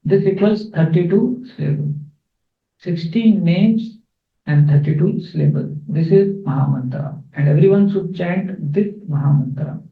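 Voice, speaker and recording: A man giving a scripture class, explaining verses slowly with fillers and repeats. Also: high voice. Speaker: spiritual teacher. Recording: echoey, phone-like, distant.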